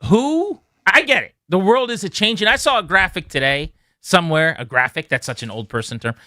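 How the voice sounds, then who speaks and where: A man's voice: sits high, a little fast, dry recording, studio quality. A man co-hosting a radio show, ranting sarcastically and joking in casual chat. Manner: animated rant, sarcastic, joking. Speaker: radio co-host. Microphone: studio microphone.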